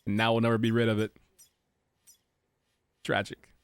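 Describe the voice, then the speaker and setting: A man's voice: fairly low pitch, completely flat delivery, normal speed, clean tone, no echo. A man streaming a video game, making jokey, rambling comments with goofy asides. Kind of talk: casual gameplay commentary.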